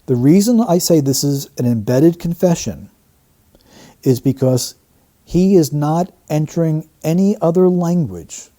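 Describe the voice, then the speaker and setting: A man's voice: on the high side, expressive, unhurried, dark tone. A man analysing an interview clip, explaining the wording of a statement phrase by phrase. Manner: explanatory, breaks down quotes phrase by phrase. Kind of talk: analytical commentary.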